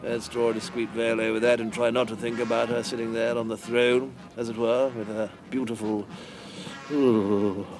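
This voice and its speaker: An actor playing a rambling, lecherous old upper-class English ex-army commentator who mutters asides over old footage. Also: male voice, mid-range voice, flat delivery, moderate pace, music in the background, close to an everyday voice. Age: older.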